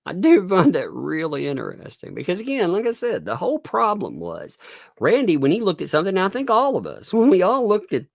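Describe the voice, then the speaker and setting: A man's voice: high-pitched, huge pitch swings, fairly quick, vocal fry, dry recording, clean studio sound. A middle-aged man hosting a live commentary stream on a court case, sarcastic, laughing often and swearing. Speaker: commentary livestream host.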